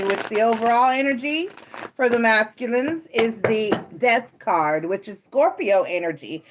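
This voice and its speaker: A woman from New York with a Southern American accent, doing a casual tarot reading at home, chatty and often laughing. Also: medium pitch. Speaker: tarot reader.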